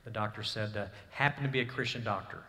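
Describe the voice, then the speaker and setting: In a quick, sharp voice on the low side, a thirty-something pastor preaches and recounts a personal story with earnestness. His sermon swells into emphatic bursts, heard through hall reverb.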